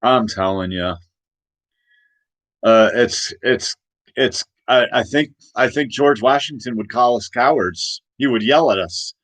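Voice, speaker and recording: A man hosting a late-night casual political rant. He rambles, restarts his sentences and laughs at his own points, in a mid-pitched voice. The sound is dry and close. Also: measured pace, fairly bright tone, dry recording. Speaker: host.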